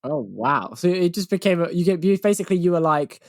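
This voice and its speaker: A man co-hosting a podcast, joking and teasing in lively casual chat. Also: high-pitched, brisk, no room sound, studio quality. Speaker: podcast co-host.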